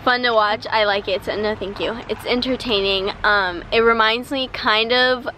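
A woman's voice: fairly high pitch, steady tone, moderate pace, pushed and bright, a little hiss or hum. A young woman talking casually to the camera in a vlog, chatty with lots of filler words. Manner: chatty, filler-heavy "like" talk. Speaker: vlogger.

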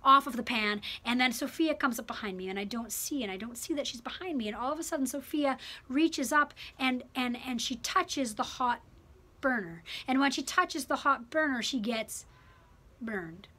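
A woman teaching a religion class in a classroom, talking in an animated, emphatic way and repeating words for effect. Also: sits high, normal speed. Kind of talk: classroom lecture.

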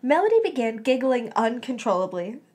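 A woman's voice: fairly high pitch, very animated, a little fast, darkish tone, breathy edge. A woman hosting a podcast, reading a story aloud expressively and chatting casually between passages. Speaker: podcast host reading fan fiction aloud.

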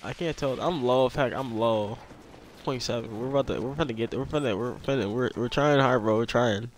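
A young gameplay streamer with a mid-range voice comments casually on his own play, talking a little fast. He's excitable, repeats himself, and yelps when attacked, and there's a little hiss or hum in the recording.

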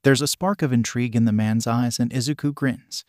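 Steady male story narrator. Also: medium pitch, fairly quick, hardly any pauses, no echo, clean studio sound. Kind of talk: fan fiction story reading.

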